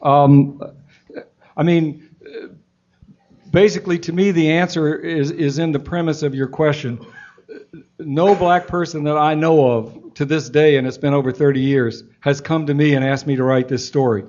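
Halting, earnest man, lo-fi recording. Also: fairly high pitch, steady tone, a little mellow. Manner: halting, many restarts, earnest. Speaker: author answering audience questions. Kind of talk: Q&A talk, reflective storytelling. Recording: dull lo-fi event recording.

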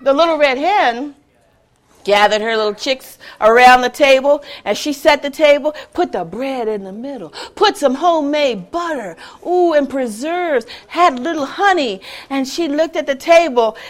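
A woman's voice: sits high, moderate pace. Singsong woman telling a children's story. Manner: lively, singsong, sings little tunes. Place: event room with tables.

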